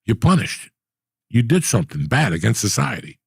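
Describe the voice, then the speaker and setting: Gruff middle-aged guy rambling crude stories, raspy and gravelly, dead dry mic. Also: lowish voice, sing-song, normal speed, no echo. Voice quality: gravelly, husky. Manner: profane, blunt, rambling storyteller. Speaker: podcast host. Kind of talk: casual chat, storytelling.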